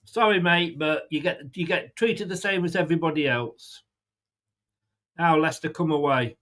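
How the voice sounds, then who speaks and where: An English fan-channel host runs a live football watchalong, blunt and sweary, reacting to the match with sarcasm and exasperation while teasing his chat. His voice sits on the high side, a bit bright, at normal speed.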